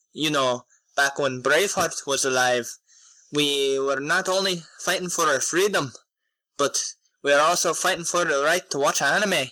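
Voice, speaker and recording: A man's voice: a little high, sharp tone, no echo, poor audio. A man voicing a boastful Scottish man who rambles through tall tales in a put-on Scottish accent. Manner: jokey, rambling, exaggerated.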